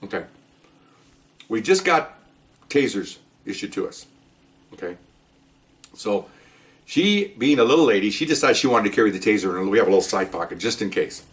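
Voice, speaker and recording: A man in his sixties, a retired police officer telling an animated story, acting out sounds and voices and tossing in "okay" and "you know.". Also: lowish voice, fairly quick, long pauses. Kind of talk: casual storytelling. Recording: voice a bit far from the mic.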